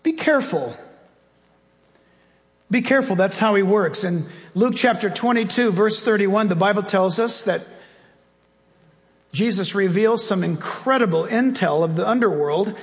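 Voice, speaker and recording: A man, a pastor, preaching a sermon with animated storytelling and acted-out dialogue. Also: sits high, moderate pace, in a large hall.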